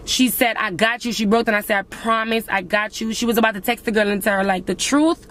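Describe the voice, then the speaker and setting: A woman's voice: fairly high pitch, steady tone, a little fast, few pauses, a bit bright. A young woman telling viewers about a breakup in an emotional personal vlog, speaking straight to them. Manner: emotional, addresses viewers as guys. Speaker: vlogger.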